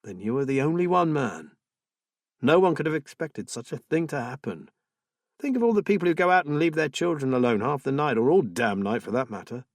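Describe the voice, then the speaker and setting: A man reading as a steady, level-headed man, calm and reassuring with a husky edge. His lines sound close and dry, as in a plainly recorded audiobook thriller. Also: a little high, fairly quick, no room sound. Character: steady, comforting man whose wife is ill.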